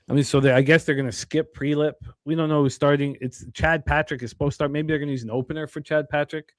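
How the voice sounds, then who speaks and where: A man hosting a sports betting show, talking casually in a rambling, excitable way with many fillers and restarts. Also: a little high, quick pace, no echo, studio quality.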